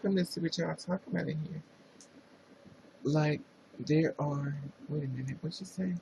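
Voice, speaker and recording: A man's voice: on the high side, moderate pace, gravelly, mellow, a little hiss or hum, rough recording. A man with a New Jersey accent hosting a casual livestream, chatting sassily and greeting viewers by name. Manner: sassy, chatty, reads viewer names aloud. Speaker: livestream host.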